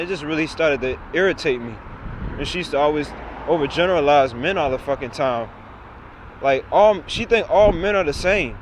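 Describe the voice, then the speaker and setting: A young man rants to the camera in a rambling, repetitive way, swearing freely. His voice sits a little high for a man. He records outdoors by a busy road, with clear traffic and wind noise behind him. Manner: rambling, repetitive, frequent profanity. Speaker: vlogger. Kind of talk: casual rant to camera. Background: traffic and trucks.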